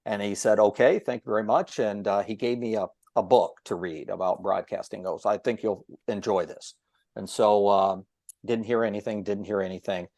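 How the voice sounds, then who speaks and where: Chatty man telling animated stories. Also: fairly low pitch, moderate pace, gravelly, no room sound. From Ohio. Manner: animated storyteller who acts out quoted voices. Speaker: podcast guest, broadcaster. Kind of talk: storytelling in casual chat.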